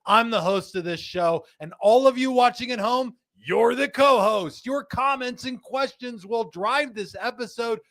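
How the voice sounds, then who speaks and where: A man hosting a live studio show, hyped and jokey, swinging between loud calls and quiet asides. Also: very high voice, no room sound. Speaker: host.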